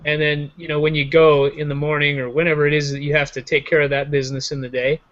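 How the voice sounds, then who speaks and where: A man's voice: fairly high pitch, flat delivery, fast, fairly bright tone. Joking man on a lo-fi call. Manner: rambling, jokey, self-mocking. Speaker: show host. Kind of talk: casual joking chat. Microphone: video call. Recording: dull lo-fi online call audio.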